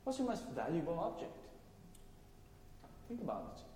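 A man preaching a sermon with loud, passionate, exclaiming delivery. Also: fairly high pitch, big pitch swings, moderate pace, a little hiss or hum. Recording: echoey hall, faint ambience.

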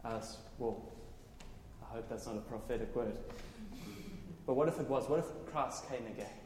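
A man preaching a sermon with loud, passionate, exclaiming delivery. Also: mid-range voice, normal speed, slight background noise. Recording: echoey hall, faint ambience.

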